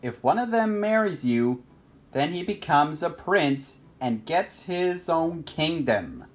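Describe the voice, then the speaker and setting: A man's voice: a little high, very animated, slow pace, voice pushed up. A man doing a curt, impatient teenage hero.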